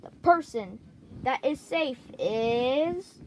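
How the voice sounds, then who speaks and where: A woman hosting a make-believe plush-toy game show in an excitable, playful way. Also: high-pitched, extremely slow, slight background noise, poor audio. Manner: excitable, jumps between characters' voices. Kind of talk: playful toy role-play narration.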